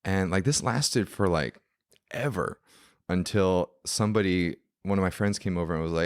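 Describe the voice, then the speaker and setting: A man's voice: deep voice, moderate pace, clear, resonant tone. A man, a podcast guest, telling a story casually and animatedly, full of fillers.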